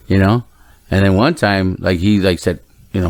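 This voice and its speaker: Male podcast co-host, thirties, deeper voice, dry sound, laid-back rambler who laughs a lot. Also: normal speed, dry recording. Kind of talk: casual chat.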